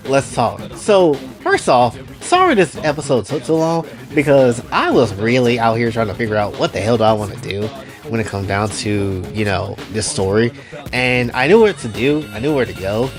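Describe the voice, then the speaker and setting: A man's voice: medium pitch, lively intonation, normal speed, faint music behind. A man casually recapping and commenting on his own story, rambling with lots of fillers. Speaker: creator recapping his own anime series.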